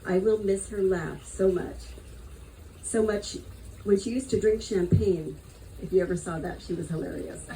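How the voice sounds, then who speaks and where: A woman's voice: medium pitch, fairly even intonation, moderate pace, mellow, a little hiss or hum, poor audio. A woman giving an earnest, affectionate memorial tribute at a gathering. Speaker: eulogy speaker.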